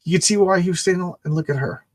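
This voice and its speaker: An excitable man recaps a comic book in casual chat, often restarting his sentences with a stammer. His voice is husky and sits slightly high. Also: quick pace. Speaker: comic book podcast co-host.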